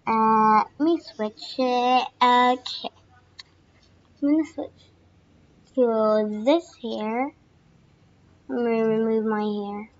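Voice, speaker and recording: A young woman casually narrating her game play, excitable and full of fillers, squealing now and then. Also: on the high side, takes it slowly, pauses often. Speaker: gaming channel host. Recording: dull lo-fi recording.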